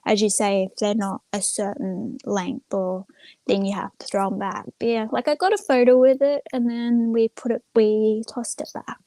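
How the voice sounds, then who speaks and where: A woman's voice: medium pitch, steady tone, moderate pace, mellow, no room sound. A young woman chatting casually on a livestream, rambling and retelling stories with lots of "I'm like.". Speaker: streamer.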